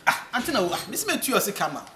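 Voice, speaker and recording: An actress with a Ghanaian accent, playing an excitable young woman in a comedy-drama, lively and pleading. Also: medium pitch, racing, crowd noise, lightly acted. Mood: excited. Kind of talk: comic TV drama acting. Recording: echoey room.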